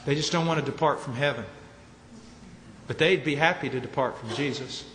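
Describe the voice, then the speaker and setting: A man preaching at a conference, emphatic, ranging from low, quiet statements to shouted points. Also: fairly quick. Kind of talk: conference sermon. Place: large conference hall. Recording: echoey hall with faint noise.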